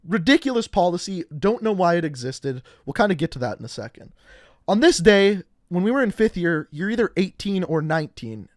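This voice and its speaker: High-voiced young man telling stories. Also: a little fast, no echo, studio quality. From Canada. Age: young adult. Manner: animated, acts out quotes with laughs. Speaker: storyteller. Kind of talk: casual storytelling.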